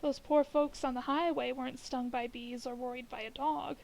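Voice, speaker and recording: Doubtful country doctor, brisk and matter-of-fact, woman reading, high voice with some fry. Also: steady tone, darkish tone, a little hiss or hum, rough recording. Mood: skeptical. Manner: brisk, dismissive.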